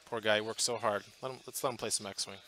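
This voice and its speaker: A man's voice: lowish voice, steady tone, fast, bright, forceful tone, slight background noise. A man commentating live on a tabletop tournament match, chatty and thinking aloud with fillers and restarts, from a booth at the event. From Portland area, US.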